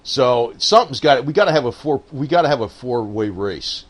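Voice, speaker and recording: Man, casual political rant, lively swinging pitch, profane and laughing, loose delivery. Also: normal speed. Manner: rambling, profane, laughs often, frequent "man" and "I don't know". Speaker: political commentator. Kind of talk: casual rambling monologue.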